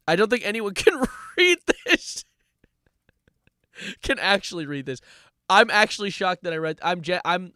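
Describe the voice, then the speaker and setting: A man's voice: fairly high pitch, a bit bright, no echo, clean studio sound. A man streaming a comedic lyric breakdown in a mock-serious manner, breaking into laughs and yelps.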